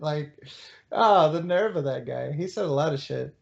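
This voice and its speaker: A man's voice: on the high side, animated, moderate pace, creaky, darkish tone. A man hosting a podcast, telling crude, laugh-filled stories in casual chat over a voice call. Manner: crude, storytelling, laughs a lot. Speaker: podcast host. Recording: dull lo-fi voice call audio.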